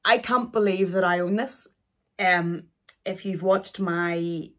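A woman, chatting through an unboxing in a halting, emotional way, with many restarts. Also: lowish voice, fairly bright tone. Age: 40s. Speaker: luxury vlogger.

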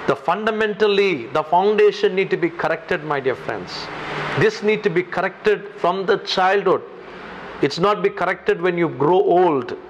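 A man from India preaches in English with an Indian accent, hammering points home through repetition. His voice sits somewhat high for a man. The recording sounds muffled and lo-fi. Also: measured pace, background noise. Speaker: pastor. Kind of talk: sermon.

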